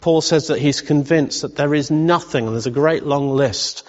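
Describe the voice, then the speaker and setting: A man's voice: fairly high pitch, normal speed. Impassioned preacher man in a reverberant hall. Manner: impassioned, rising to loud exclamations. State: emotional. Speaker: pastor. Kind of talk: sermon. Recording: dull lo-fi sound with long reverb.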